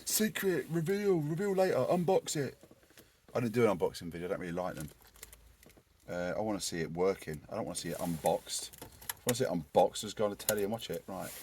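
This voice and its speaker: Male DIY vlogger, lowish voice, casual rambling workshop chat, goofy asides. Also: fast, a little mellow, slight background noise. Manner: rambling and jokey, talking to himself as he works. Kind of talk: casual workshop chat while fitting a stereo.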